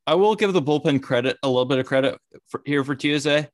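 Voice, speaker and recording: A man co-hosting a casual sports talk show, speaking in a relaxed, hesitant way with many fillers. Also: medium pitch, fast, no room sound. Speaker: podcast co-host.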